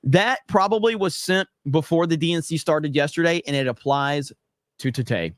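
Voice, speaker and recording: A man's voice: fairly high pitch, normal speed, dry recording. A young man hosting a casual livestream, sarcastic and rambling with lots of fillers, talking close to a desk microphone. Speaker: livestream host.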